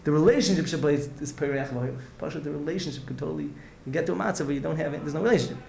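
A man's voice: a little high, racing, vocal fry, darkish tone. A man giving an earnest Torah lecture as a rabbi, repeating himself and restarting phrases. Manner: earnest, repetitive, restarts phrases, mixes in Hebrew and Yiddish words. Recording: echoey room with faint ambience.

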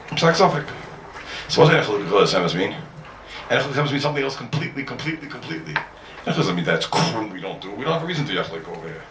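Animated man teaching a Talmud class. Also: medium pitch, a little hiss or hum. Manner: animated, fires rhetorical questions at the class; mixes English with Hebrew and Aramaic study terms. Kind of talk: Talmud lesson to students. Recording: roomy echo, mic at a distance.

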